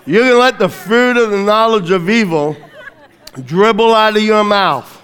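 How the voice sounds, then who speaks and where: A faint crowd can be heard as a pastor with a high-sitting, clean-toned voice preaches at a measured pace. He leads the congregation in phrases to repeat, his fervent delivery swinging between loud declarations and calmer teaching.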